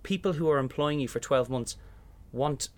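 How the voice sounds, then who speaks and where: A young man with an Irish accent talks easily in an interview. He tells stories and slips into quick voices for the people in them. His voice sits in a middle range. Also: medium pitch, a little mellow. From Ireland. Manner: chatty storyteller, acts out voices in anecdotes. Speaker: musical theatre actor, interview guest. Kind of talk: casual interview chat.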